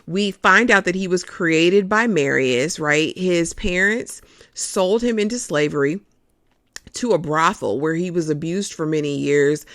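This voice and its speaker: A host giving a casual, expressive recap of a TV episode, calling listeners "honey" as they go. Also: mid-range voice, a little slow, no room sound, studio quality.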